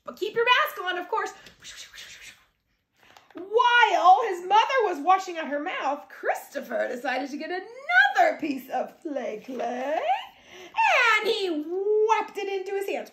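A woman's voice: extremely high pitch, very animated, moderate pace, fairly bright tone. A woman reading a picture book aloud to young children, playful, adding sound effects and prompting them to join in. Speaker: guest story reader. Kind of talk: animated read-aloud to children. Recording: echoey room.

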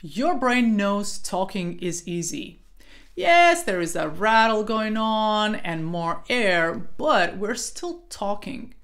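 Playful woman vocal coach, slow and lively. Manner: playful, joking teacher who switches into a low gravelly rattle for demos. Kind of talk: voice lesson demonstrating false cord talking.

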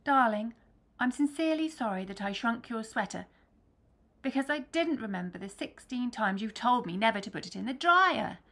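A woman's voice: a little high, animated, normal speed, fairly bright tone. A woman playing an apologetic partner in a comic sketch, speaking earnestly and a little flustered. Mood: sincere.

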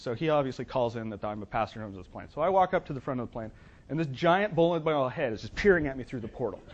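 A man telling a business story to entrepreneurs in quick, wry, animated bursts. His voice sits at an ordinary pitch and moves briskly through the tale. The recording sounds dull and lo-fi. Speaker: business plan consultant and speaker.

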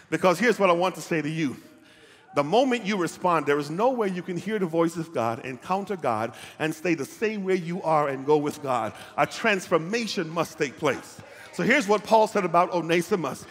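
A man preaching a sermon as pastor, often checking in with the congregation and rising from quiet talk to shouted calls. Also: on the high side. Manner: asks the congregation questions. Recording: hall reverb.

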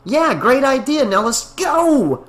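A man's voice: extremely high pitch, sing-song, slow, fairly bright tone, voice pushed up, exaggerated voice. A man voicing a whiny, impatient teenage boy in an audiobook reading. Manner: whining, pushy.

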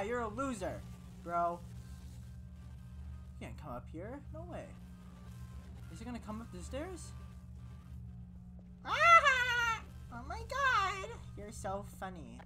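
A woman giving live horror-game commentary who shrieks at scares and trash-talks the monster chasing her. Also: on the low side. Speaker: gaming video creator.

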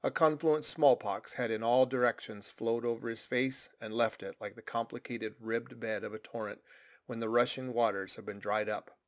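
A man narrating a classic novel chapter in steady, measured storytelling. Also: mid-range voice. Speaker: audiobook reader.

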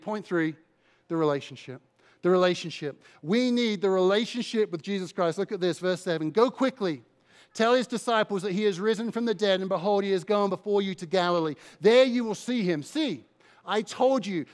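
High-voiced male pastor, passionate church sermon full of repetition and asides. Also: clean tone. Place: church service.

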